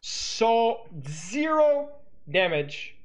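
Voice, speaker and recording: A man's voice: extremely high pitch, very animated, very slow, clean tone. A man coaching as he analyzes a game replay, teasing and sarcastic, cracking jokes between points. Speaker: esports coach.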